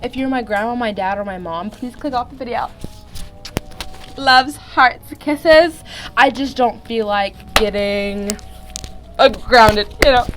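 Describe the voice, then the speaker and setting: Young woman reading fanfic off her phone, keeps cutting herself off to laugh and comment, soft music in the back. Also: medium pitch, moderate pace, low-quality recording. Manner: giggly, rambling, keeps interrupting herself. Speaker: vlogger. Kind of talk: casual fan-fiction read-aloud.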